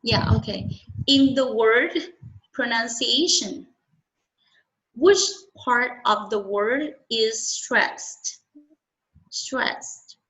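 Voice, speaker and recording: A woman's voice: on the high side, extremely slow, long pauses, a bit bright, rough recording. A woman whose first language is Vietnamese, teaching English one-on-one and explaining patiently with frequent checking questions.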